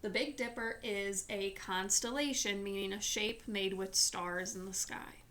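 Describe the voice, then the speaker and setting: A woman reading a children's chapter book aloud in a slow, clear storytelling manner. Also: mid-range voice, fairly even intonation, fairly bright tone.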